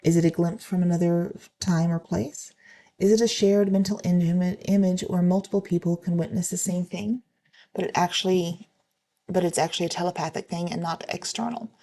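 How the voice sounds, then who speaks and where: A woman reading online stories aloud in a plain, steady way, with a few slips and restarts. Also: fairly low pitch, normal speed.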